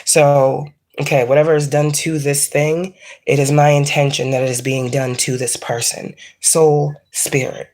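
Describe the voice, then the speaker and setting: Low-voiced, blunt, profane woman reader. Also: flat delivery, unhurried, a little mellow. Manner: blunt, heavily profane, scolding. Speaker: psychic tarot reader. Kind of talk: casual spiritual reading rant.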